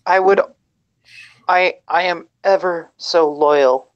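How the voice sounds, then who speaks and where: A player speaking as a scrappy goblin servant in a tabletop role-play. The voice stays unhurried and mid-pitched, calmly coaxing or coldly threatening. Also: muffled recording, lightly acted.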